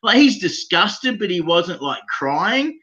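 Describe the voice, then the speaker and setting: A man with an Australian accent, a brash, profane co-host in casual banter who laughs loudly. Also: high-pitched, big pitch swings, slow pace. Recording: dull lo-fi stream audio.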